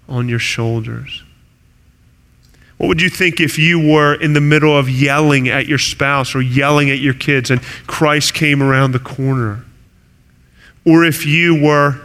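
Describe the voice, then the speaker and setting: A man's voice: medium pitch, a bit bright. A man preaching a sermon as pastor, earnest and building to intense emphasis. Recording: preaching in a hall with long reverb.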